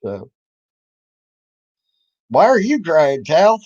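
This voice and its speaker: This YouTube commentator has a fairly high, slightly mellow voice whose pitch swoops wildly, and he speaks very slowly. The dull lo-fi recording has no room sound as he mockingly confronts others in an angry, profane rant.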